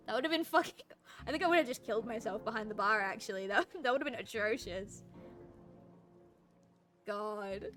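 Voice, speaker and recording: A young woman chatting with stream viewers while drawing, an animated storyteller who laughs often and pokes fun at herself. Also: mid-range voice. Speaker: art streamer. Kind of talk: casual chat with stream viewers.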